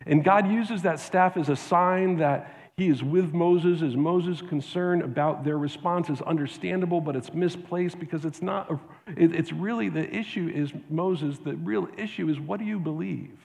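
Earnest preacher with a high-ish voice. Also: male voice, normal speed, creaky, darkish tone, long reverb tail. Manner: earnest, repeats words when restarting. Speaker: pastor. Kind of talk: sermon.

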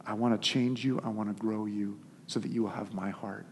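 A man voicing God as a patient, gentle father who explains things simply and softly. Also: on the low side, steady tone, a little fast, a little hiss or hum, lightly acted. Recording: long hall reverb.

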